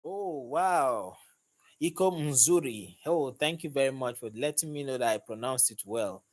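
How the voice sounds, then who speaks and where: A man's voice: mid-range voice, animated, a little slow. A man, a mechanic hosting a casual live stream, upbeat as he greets and thanks viewers, recorded on a phone he holds in his hand. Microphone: phone held in hand.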